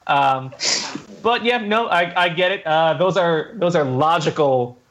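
A man's voice: a little high, measured pace, a bit bright. A man hosting a casual podcast chat, laid-back and full of fillers and laughs. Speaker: podcast host.

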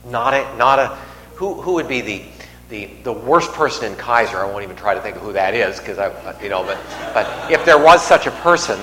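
A man's voice: fairly low pitch, expressive, moderate pace, pushed and bright. A man preaching a sermon in a church, conversational, joking with the congregation. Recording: echoey hall, faint noise.

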